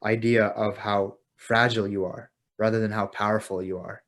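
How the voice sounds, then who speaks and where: A man's voice: on the low side, level tone, fairly bright tone. Agreeable, blunt man hosting a podcast. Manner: agreeable, quick to affirm, blunt. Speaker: podcast host. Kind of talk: casual conversation.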